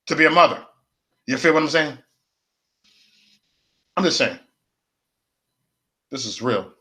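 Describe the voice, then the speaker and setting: A man's voice: fairly high pitch, pushed and bright. A man hosting a casual livestream rant, rambling and repeating himself in slangy, profane street talk. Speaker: livestream host.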